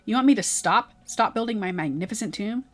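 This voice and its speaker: A woman's voice: mid-range voice, expressive, brisk, faint music behind, close to an everyday voice. Woman doing a vain ghost queen, all grand and theatrical, game dialogue read out. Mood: indignant. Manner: grand, self-important and theatrical. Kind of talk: reading game dialogue aloud.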